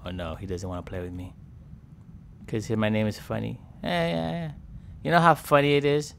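A man's voice: on the low side, steady tone, normal speed, gravelly, a bit bright, a little hiss or hum. A man voicing a sulky young male sperm whale who mutters and complains about being teased. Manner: mopey, muttering, self-pitying. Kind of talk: playful game commentary role-play.

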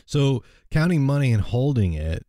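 A man's voice: mid-range voice, big pitch swings, moderate pace, dark tone, no echo, clean studio sound. A man co-hosting a radio talk show, chatting casually and laughing easily with his partner. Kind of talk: casual chat and reading a fable aloud.

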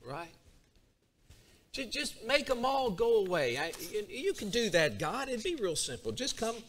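Man, preacher, high voice, bright tone, lively sermon delivery in a church. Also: measured pace, a little hiss or hum. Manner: animated, acts out a character's complaints. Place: church sanctuary.

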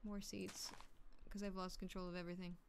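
A woman's voice: lowish voice, little pitch movement, fairly quick, vocal fry, background noise. A woman, streaming a game and chatting casually in a crude, jokey way, humming and muttering to herself as she plays. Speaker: gaming streamer. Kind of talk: casual gameplay commentary.

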